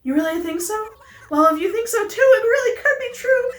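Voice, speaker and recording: A woman's voice: lively intonation, fairly quick, echoey room. A woman voicing a lovestruck young female pelican who gushes breathlessly. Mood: hopeful. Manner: breathless gushing, voice climbing high.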